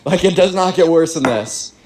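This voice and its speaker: A man's voice: on the high side, animated, moderate pace, background noise, voice pushed up, close to an everyday voice. A man voicing a laid-back teenage boy with dry, slangy quips. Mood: smug.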